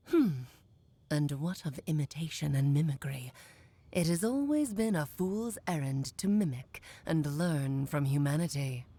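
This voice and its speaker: A woman's voice: low voice, expressive, measured pace, mellow, husky, heavily acted. A woman voicing a playful, grand older female witch in a game, theatrical and coy. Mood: haughty. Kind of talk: game voice acting.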